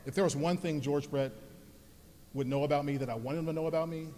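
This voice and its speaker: A man giving a heartfelt speech at an alumni event, telling personal stories and speaking softly when he thanks his parents. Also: a little high, fairly even intonation, quick pace, slight background noise. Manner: earnest, storytelling, grows soft when thanking his parents. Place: large hall at an alumni event. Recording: long hall reverb.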